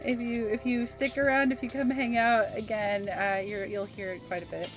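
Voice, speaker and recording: A woman's voice: fairly high pitch, flat delivery, moderate pace. A woman in her thirties streaming a video game, chatting and reminiscing casually and laughing easily. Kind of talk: casual gaming stream chat. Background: game music.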